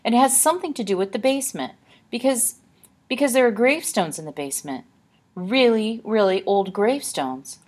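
A woman doing a frightened young girl, high and breathless, who talks in an urgent, hesitant rush. The voice is huskier than it is clean. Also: animated, brisk, a little mellow, slightly rough. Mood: scared, urgent. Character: frightened young girl Olive, anxious and earnest.

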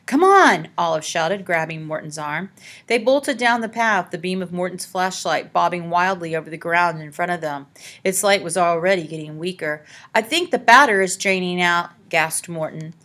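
Low-voiced woman narrating a spooky story. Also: fairly bright tone. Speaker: audiobook narrator. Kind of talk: scripted narration.

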